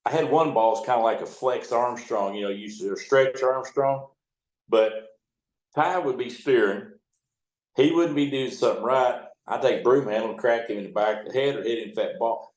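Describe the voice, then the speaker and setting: Blunt, profane middle-aged captain, echoey room. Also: male voice, medium pitch, moderate pace, darkish tone. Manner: blunt and profane, rambling anecdotes. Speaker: riverboat captain. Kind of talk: casual storytelling in an interview.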